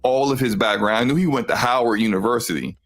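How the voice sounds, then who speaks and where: Animated man in casual podcast debate. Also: mid-range voice, fast. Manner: animated, laughs often, repeats words when starting. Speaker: podcast panelist.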